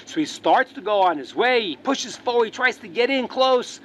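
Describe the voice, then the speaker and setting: Rabbi guy teaching, high voice that swings a lot, stumbles and repeats words. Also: normal speed, slight background noise. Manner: animated storyteller, repeats words as he restarts. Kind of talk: religious lesson with a parable.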